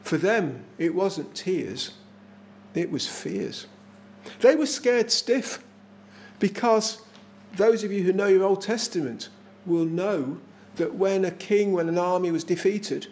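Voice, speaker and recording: High-voiced English preacher, earnest sermon. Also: male voice, animated, unhurried, a little mellow. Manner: earnest, emphatic, repeats phrases for effect. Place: small village church.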